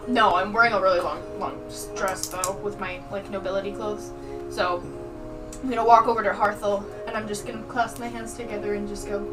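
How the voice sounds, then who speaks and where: A woman playing a tabletop game, chatting in a playful, animated way. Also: medium pitch, brisk, recorded from a distance, over music, poor audio. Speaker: player. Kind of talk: casual tabletop game chat.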